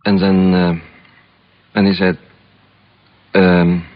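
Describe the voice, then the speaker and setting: A man from Sweden, a film director being interviewed, speaking English with a Swedish accent and pausing often to find his words. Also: sits low. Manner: halting, searching for English words. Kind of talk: reflective interview storytelling. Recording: dull lo-fi archival recording.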